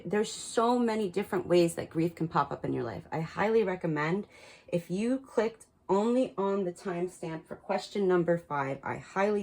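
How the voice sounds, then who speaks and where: A woman's voice: lowish voice, darkish tone, poor audio. A woman reading cards and giving frank spiritual advice to her viewers, swearing freely and repeating words for emphasis. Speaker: tarot card reader. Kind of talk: casual spiritual guidance to camera.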